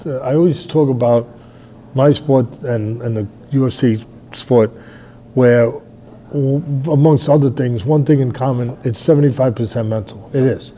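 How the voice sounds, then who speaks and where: An older man, hosting a fight talk show, telling stories in a rambling way and shouting out quoted lines. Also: medium pitch, moderate pace, a little hiss or hum. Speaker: boxing trainer and show host. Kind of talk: animated fight analysis chat.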